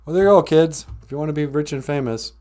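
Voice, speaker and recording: A man's voice: on the high side, fast, a little mellow. A man with a Minnesotan accent hosting a comedic podcast, chatty and upbeat, laughing easily. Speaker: podcast host.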